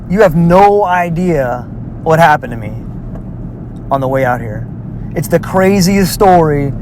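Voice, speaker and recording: Guy telling a wild story, bit high-pitched, acts out the voices, faint hiss behind. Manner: animated, acts out quoted voices, swears freely. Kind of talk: casual storytelling.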